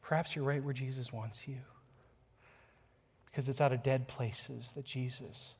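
A man preaching a sermon, reading scripture aloud and building from quiet earnestness to passionate emphasis. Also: mid-range voice, steady tone, a little slow, a little hiss or hum. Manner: reads scripture aloud, chuckles softly. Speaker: pastor.

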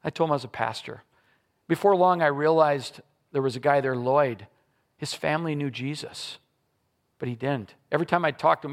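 A middle-aged man preaching a sermon to his church congregation, telling a personal story with lively acted-out voices and leading a prayer. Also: medium pitch, fairly quick, creaky. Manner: animated storytelling, acting out quoted voices. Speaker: pastor. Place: church service before a congregation.

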